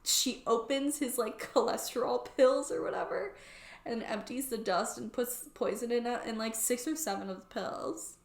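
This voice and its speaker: A woman's voice: fairly high pitch, steady tone, moderate pace, roomy sound. A young woman recapping a book plot in a casual, sarcastic way, using "like" constantly. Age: young adult. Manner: chatty and sarcastic, heavy use of "like". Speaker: book YouTuber.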